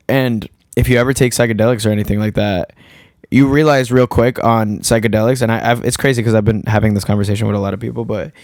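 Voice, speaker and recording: A man's voice: mid-range voice, darkish tone, no room sound. A man hosting a podcast in casual chat, rambling with restarts and quoted asides. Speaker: podcast host.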